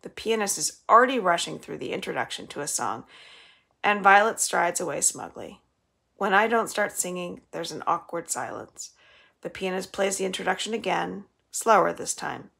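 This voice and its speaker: Librarian lady reading a chapter book, low husky gravelly voice. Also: lively intonation, normal speed, bright, forceful tone. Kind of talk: reading a novel aloud.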